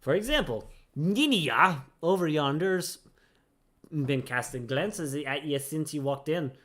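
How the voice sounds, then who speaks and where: A chatty male tavern keeper with a put-on twang, read aloud by a gamer. He rambles along in a folksy, hearty way, a touch loud, and stumbles over a word here and there. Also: mid-range voice, animated, slow pace. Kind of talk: reading game dialogue aloud.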